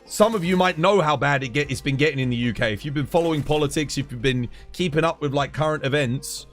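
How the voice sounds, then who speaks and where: British male streamer, heated sweary rant, animated delivery, soft music behind. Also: medium pitch. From United Kingdom. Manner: heated, swears a lot, keeps saying "dude". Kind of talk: casual live-stream rant.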